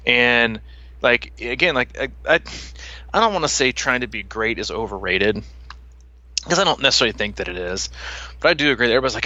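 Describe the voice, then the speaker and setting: Animated chatty man laughing through stories. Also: mid-range voice, brisk, lo-fi sound. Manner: animated, laughing, lots of "like" fillers. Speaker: podcast host. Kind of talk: casual chat.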